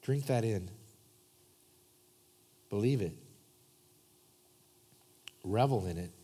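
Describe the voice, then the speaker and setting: A man preaching a sermon as pastor, talking conversationally and swinging from loud asides to soft, hushed prayer. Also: lowish voice, expressive, very slow, husky. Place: church sanctuary.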